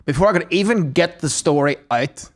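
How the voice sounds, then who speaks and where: Brief: Northern Irish podcast co-host, fairly high voice, lively storyteller. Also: male voice, brisk. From Northern Ireland. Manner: lively, swearing, acts out quotes. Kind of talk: casual storytelling chat.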